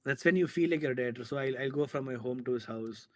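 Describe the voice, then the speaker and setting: Man in his thirties, guest storyteller, mid-pitched, acts out quotes with gusto. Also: quick pace. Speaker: filmmaker guest. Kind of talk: casual storytelling interview.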